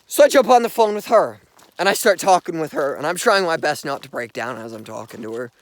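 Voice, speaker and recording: Out on the streets with his dog, a young vlogger rambles earnestly through a story, saying "like" constantly. He talks fairly quickly in an animated, somewhat high voice.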